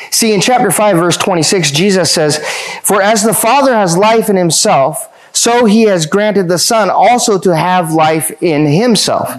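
Guy preaching a sermon, kinda high voice, punchy and emphatic, asks the crowd lots of questions. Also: a little slow, rough recording. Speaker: pastor.

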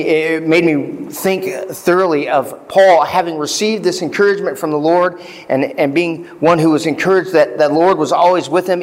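A man's voice: fairly high pitch, in a large hall, low-quality recording. A man preaching a sermon as pastor, chatty with fillers and asides, lifting his voice when he reads scripture. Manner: reads scripture aloud with rising emphasis. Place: church sanctuary.

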